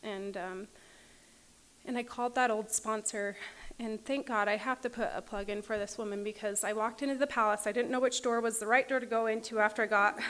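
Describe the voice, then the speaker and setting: Speaking in a slightly high, fairly bright voice, a Utah woman shares her recovery talk at an AA meeting in a meeting room. She is candid, laughing often while impersonating who she used to be.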